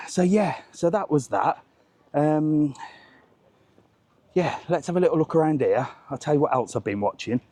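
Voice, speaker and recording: A middle-aged man chats and rants as he strolls through an outdoor market, laughing often. His voice sits at an ordinary middle pitch and is picked up outdoors on a small clip-on mic. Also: a little mellow, no echo. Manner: chatty and ranting, laughs often. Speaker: travel vlogger. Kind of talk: casual walking vlog chat. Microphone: clip-on mic, later removed.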